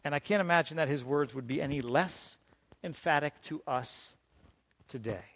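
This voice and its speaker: A man preaching a sermon as pastor, emphatic and deliberate, with dramatic pauses and strong swings in loudness. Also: a little high, slightly rough.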